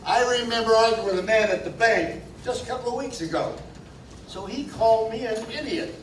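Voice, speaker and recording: A man's voice: high-pitched, fairly quick, close to an everyday voice. An actor playing a brash, sneering male juror in a 1950s film drama. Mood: blunt. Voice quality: blunt, sneering. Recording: roomy film soundtrack, distant, faint hiss.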